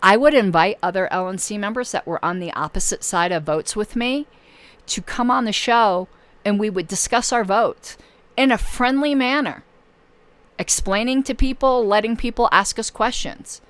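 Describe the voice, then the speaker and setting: A woman hosting her own channel in casual livestream talk, losing her voice and pausing often with fillers. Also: mid-range voice. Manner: halting, many filler pauses. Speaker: political channel host.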